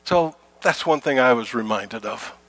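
A middle-aged pastor with a medium-pitched, animated voice delivers a conversational sermon to his congregation at a slightly slow pace. His tone is a bit bright and the recording has no room sound. He repeats his key phrases and acts out everyday complaints.

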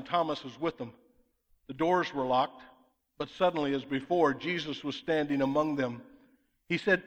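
In a large hall with long, echoing reverb, a pastor delivers a sermon in a slightly high voice. He preaches emphatically and poses rhetorical questions.

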